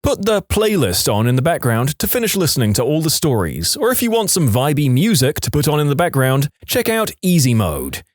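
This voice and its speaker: A man's voice: a little high, huge pitch swings, brisk, hardly any pauses, no room sound, clean studio sound. A man narrating online stories in a wry, scripted storytelling manner.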